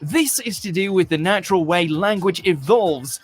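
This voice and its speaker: A man's voice: high-pitched, lively intonation, normal speed. A British man reading a scripted list-video narration with dry, lightly joking delivery. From Britain.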